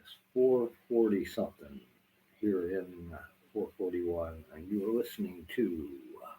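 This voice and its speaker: Middle-aged southern guy rambling on, lowish voice, swears a lot, bit of hiss behind. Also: measured pace, dark tone, low-quality recording. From Southwest Florida. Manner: meandering, swears freely, lots of fillers. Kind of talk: casual rambling monologue. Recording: faint background noise.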